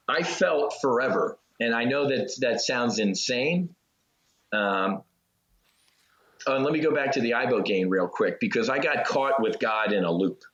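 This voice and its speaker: A man, a former Navy fighter pilot, telling a personal story as an interview guest in an earnest, halting way with restarts. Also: medium pitch. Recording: roomy, slightly dull audio.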